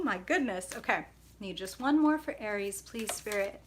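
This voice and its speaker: A woman's voice: medium pitch, lively intonation, normal speed. A woman hosting a live tarot stream, bubbly and chatty, greeting viewers by name and laughing often.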